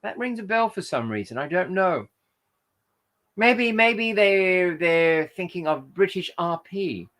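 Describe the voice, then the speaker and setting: A man's voice: high voice, animated, slow, a bit bright. Rambling man chatting on a live stream. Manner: rambling, frequent self-corrections and fillers. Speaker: host. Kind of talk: casual live-stream chat reading viewer comments.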